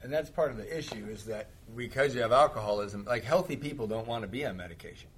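A man's voice: mid-range voice, fast, husky. Wry middle-aged man telling stories. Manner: wry, anecdotal, laughs often. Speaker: guest in recovery. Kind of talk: casual chat, storytelling.

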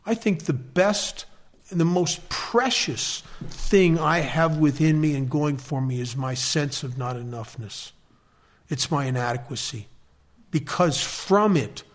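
An American man giving a recovery meeting talk, a wry, self-deprecating storyteller. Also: medium pitch.

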